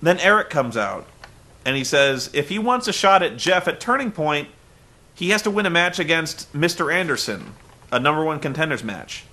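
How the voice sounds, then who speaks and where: Sarcastic male reviewer, bright forceful tone, a bit high. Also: big pitch swings, moderate pace. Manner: sarcastic, exasperated. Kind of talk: comedic recap.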